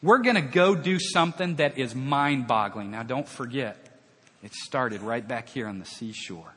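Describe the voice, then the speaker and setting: A man's voice: mid-range voice, measured pace, a bit bright, slightly rough. A man preaching a sermon, telling a Bible story with dramatic acted-out dialogue. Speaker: pastor. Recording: long reverb of a large hall.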